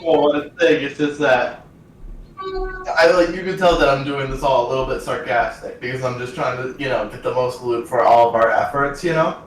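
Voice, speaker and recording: A man's voice: mid-range voice, expressive, moderate pace. Scheming man in a very echoey room. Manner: scheming, hesitant with many fillers. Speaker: player. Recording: very echoey room, far from mic, faint noise.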